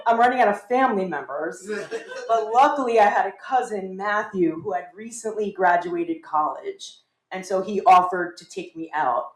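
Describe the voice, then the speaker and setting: A woman telling a funny personal story on stage, animated and self-mocking. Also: medium pitch. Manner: animated, self-mocking, acts out voices of family. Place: small theater with live audience. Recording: roomy live theater sound.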